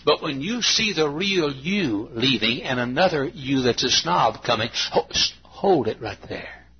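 A man in his late fifties preaching a sermon, folksy and storytelling, with a gravelly voice. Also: expressive, unhurried, lo-fi sound. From Texas. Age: 50s. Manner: folksy, acts out anecdotes with bursts of high imitation and laughter.

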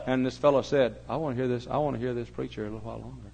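Gravelly hollering preacher man. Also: mid-range voice, fairly even intonation, rapid-fire, poor audio. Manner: hollering preacher, swings from hushed to shouting. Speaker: pastor. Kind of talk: sermon.

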